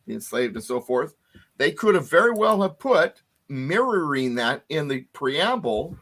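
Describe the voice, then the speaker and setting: A man's voice: a little high, very animated, a little slow, fairly bright tone. A man giving a class lecture, explaining and stressing key words, with many fillers and restarts. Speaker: constitution teacher.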